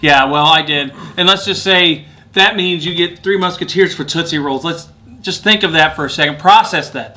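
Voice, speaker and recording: A man's voice: a little high, normal speed, pushed and bright. A man co-hosting a family vlog, chatting playfully about candy and laughing often. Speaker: vlog co-host. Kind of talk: casual candy-tasting chat.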